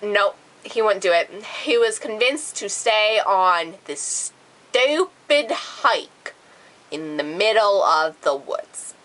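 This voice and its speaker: A woman vlogger telling a dramatic storytime, animated and swearing freely. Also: mid-range voice, takes it slowly, poor audio. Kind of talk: storytime vlog.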